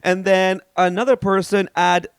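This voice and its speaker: A man co-hosting a podcast, telling stories and shouting out listeners in gossipy, animated casual chat. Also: sits high, unhurried, clear, resonant tone, no echo, clean studio sound. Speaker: podcast co-host.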